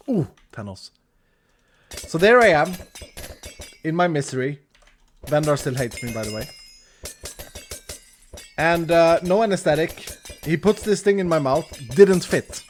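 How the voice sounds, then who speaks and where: A man tells a story while he plays a game on stream. He talks in a fairly high register, stumbling and restarting as he goes, with some faint noise behind him. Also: a little slow, long pauses. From Sweden. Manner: animated, with restarts and laughter. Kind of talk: casual storytelling while gaming.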